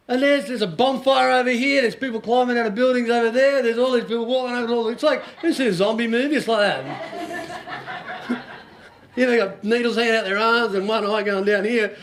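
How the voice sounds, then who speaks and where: Australian coach in his forties, bright and high voice, jokey and conversational with the room. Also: fairly even intonation, brisk, slight background noise. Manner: joking, chatty, quizzes the audience. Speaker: business coach speaking to a small group. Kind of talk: casual motivational seminar talk.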